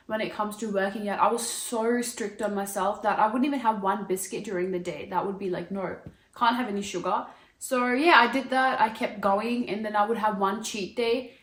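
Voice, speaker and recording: A woman in her twenties talks straight to her viewers in a chatty, gushing way, leaning on "like" and "wow." Her voice sits a little high. The room around her adds a noticeable echo. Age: 20s. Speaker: lifestyle vlogger. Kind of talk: casual chat to camera.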